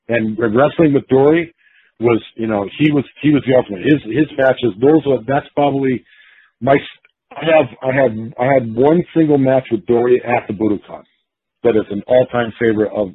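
Husky guy telling wrestling stories, lots of um and you know, sounds like he's on the phone. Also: mid-range voice, normal speed. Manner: rambling, with many fillers and restarts. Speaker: former pro wrestler, guest. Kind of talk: casual storytelling interview. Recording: dry, phone-like narrowband sound.

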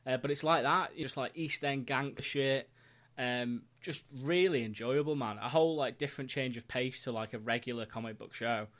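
A man's voice: mid-range voice, moderate pace, a bit bright. Laid-back man chatting casually. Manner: laid-back, laughs often, casual swearing. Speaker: podcast co-host. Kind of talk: casual chat.

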